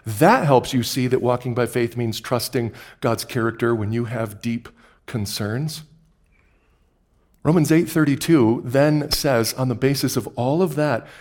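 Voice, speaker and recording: A man preaches from the pulpit in a voice of middle pitch. He moves between quiet, slowed-down reading and loud, excited passages, often repeating words for emphasis. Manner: dramatic swings from hushed to loud and excited. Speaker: pastor. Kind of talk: sermon.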